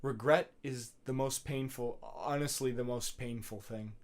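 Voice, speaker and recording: A man's voice: medium pitch, steady tone, unhurried. A young man hosting a solo podcast, giving a rambling, earnest pep talk full of fillers and swearing. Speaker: podcast host.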